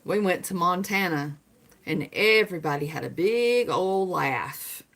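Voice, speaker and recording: A woman's voice: fairly low pitch, animated, measured pace, a bit bright. A woman with a Southern US accent, chatting casually with viewers on her livestream and answering their comments. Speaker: livestream host.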